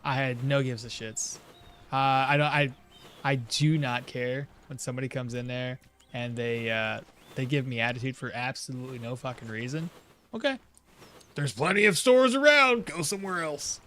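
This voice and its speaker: A young man streaming a survival game, chatting loosely and telling a profane story with sudden loud outbursts. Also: mid-range voice, fairly even intonation, moderate pace, a little hiss or hum. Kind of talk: casual gameplay commentary.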